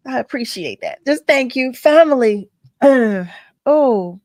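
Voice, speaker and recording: A woman's voice: a little high, lively intonation, slow pace, darkish tone, no echo. A woman hosting a radio talk show, effusive and emotional, often laughing and repeating her thanks.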